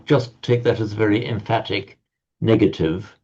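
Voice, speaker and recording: A man teaching a Sanskrit class over a video call, explaining slowly with frequent stammered restarts and reciting verses. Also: lowish voice, warm tone, husky, dull audio.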